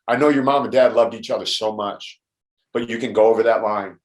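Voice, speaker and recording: A man's voice: lowish voice, fairly even intonation, a little fast. Emphatic man telling a story, roomy sound. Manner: emphatic, blunt, swears freely. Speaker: podcast guest. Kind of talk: casual storytelling in conversation. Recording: roomy echo.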